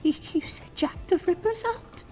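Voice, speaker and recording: A man's voice: very high-pitched, moderate pace, a little mellow, faint music behind, voice pushed up. A man voicing a frightened young woman on the streets of Victorian London, speaking nervously and breathlessly.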